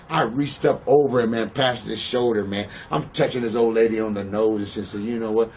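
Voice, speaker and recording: Low-voiced, foul-mouthed man on a muffled, distant mic; good fit for a straight-talking tough guy in a shoot interview. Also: fairly even intonation, a little fast, few pauses, darkish tone, a little hiss or hum. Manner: blunt, profane, keeps asking "you know what I'm saying". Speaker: pro wrestler interviewee. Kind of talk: shoot interview, casual storytelling.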